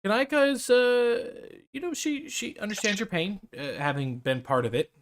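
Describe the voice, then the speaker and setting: A man's voice: sits high, moderate pace, a little hiss or hum. A man narrating as game master of a tabletop game, rambling with frequent restarts. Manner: rambling with many restarts and fillers.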